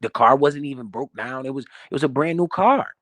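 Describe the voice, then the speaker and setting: A man's voice: medium pitch, animated, a little fast, a bit bright, no room sound, studio quality. A man giving a profane, emphatic motivational rant about money in a casual way. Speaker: motivational finance streamer.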